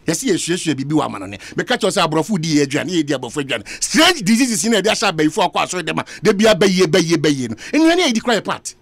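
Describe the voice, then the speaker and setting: A man's voice: a little high, very animated, fast, hardly any pauses, dry recording. A Ghanaian man hosting a radio talk show, arguing with passion and switching between Twi and English. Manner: impassioned, ranting, mixing Twi and English. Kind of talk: heated talk radio debate.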